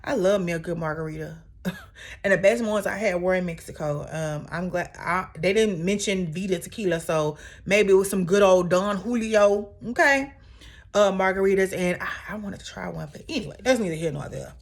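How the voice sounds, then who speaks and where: A woman's voice: on the low side, normal speed. A woman casually recapping a reality TV episode in a chatty, sassy way, full of asides.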